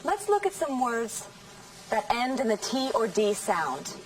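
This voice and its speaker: A woman teacher leads a scripted language lesson, speaking at a very slow, measured pace with a slightly high voice. She over-articulates each model sentence for her learners. The mic catches her from a distance. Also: sing-song, slightly rough. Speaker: English teacher.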